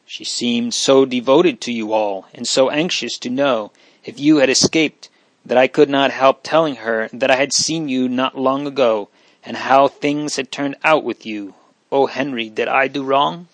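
A man's voice: mid-range voice, unhurried, no room sound, lightly acted, poor audio. A man voicing a haughty but remorseful young countess, speaking earnestly. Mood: distressed. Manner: pleading, earnest.

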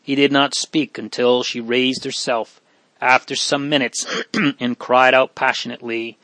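A man reading a story aloud in a slow, measured, hushed and solemn manner. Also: medium pitch, little pitch movement, dry recording. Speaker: narrator. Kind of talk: audiobook reading.

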